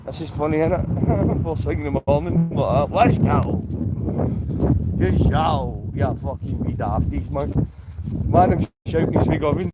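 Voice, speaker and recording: A man's voice: fairly high pitch, measured pace, very noisy. A man with a Scottish accent, ranting and swearing as he streams, mocking people he is angry at. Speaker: livestreamer. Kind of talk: profane livestream rant.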